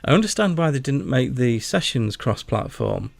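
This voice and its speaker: A man's voice: mid-range voice, sing-song, normal speed, gravelly, no echo. A man with a Yorkshire accent, hosting a casual gaming livestream, chatty and jokey, rambling as he talks to his chat. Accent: Yorkshire English. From Yorkshire, England. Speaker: livestream host.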